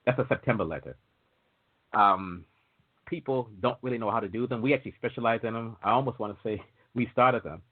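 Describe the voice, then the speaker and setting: A man's voice: medium pitch, a little fast. A man hosting a casual talk show about entry waivers, chatty and digressive, acting out quoted exchanges as he explains. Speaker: waiver consultant host. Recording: tinny phone-like audio.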